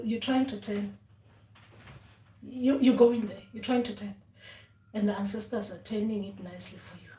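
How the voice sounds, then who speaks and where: A woman's voice: medium pitch, reverberant. A woman giving a casual spiritual talk about dreams, often repeating words and voicing what her ancestors say. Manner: repetitive, voices ancestors speaking.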